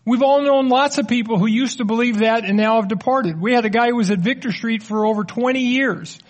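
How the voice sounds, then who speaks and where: A middle-aged man with a fairly high voice leads a teaching sermon. He explains in a loose, conversational manner, slipping in light jokes while taking questions from the audience. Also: brisk. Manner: conversational, explanatory, joking asides. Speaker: preacher.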